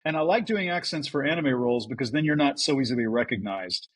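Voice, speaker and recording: A man who works as a voice actor, telling stories in a casual podcast interview, animated and full of restarts. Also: mid-range voice, quick pace, husky, poor audio. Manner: chatty storyteller, animated with restarts. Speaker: voice actor guest.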